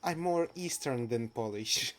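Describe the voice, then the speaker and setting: Slow-talking Russian-accented male streamer, casual and fumbling. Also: mid-range voice, lively intonation. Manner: halting, searching for words, laughing and swearing. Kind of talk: casual live game commentary.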